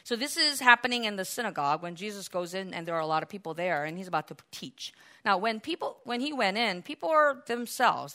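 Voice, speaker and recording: A woman preaching a sermon, animated, acting out the voices of the people in her story. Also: mid-range voice. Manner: animated, acts out voices of biblical figures.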